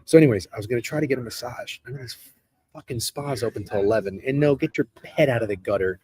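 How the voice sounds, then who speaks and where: A man's voice: mid-range voice, fast, darkish tone. A man in his thirties, hosting a live stream in casual chat, rambling and profane and answering chat as he goes. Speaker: streamer host. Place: hotel room.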